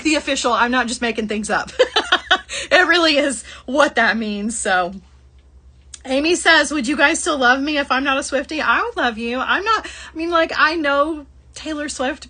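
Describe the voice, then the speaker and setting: A middle-aged woman with a Southern accent hosts a live shopping stream, her mid-range voice sharp in tone with a breathy edge. She chats casually, laughs often, and reads out viewer comments.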